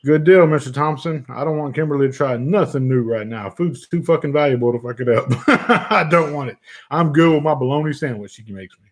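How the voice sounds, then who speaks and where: A man's voice: on the high side, fairly quick. Profane joking man. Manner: profane, joking, laughs often. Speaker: vape channel host. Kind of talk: casual livestream chat reading viewer comments.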